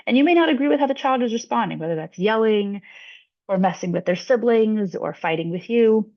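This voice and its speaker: A woman psychologist presenting a webinar, explaining clearly and acting out short example lines. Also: medium pitch, lively intonation, brisk. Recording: dull lo-fi webinar audio.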